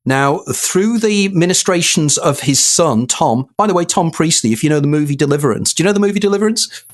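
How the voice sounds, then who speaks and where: A man's voice: fairly high pitch, expressive, a little fast. A man, a guest in an interview, telling a story with animation and acting out quoted dialogue. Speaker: guest author.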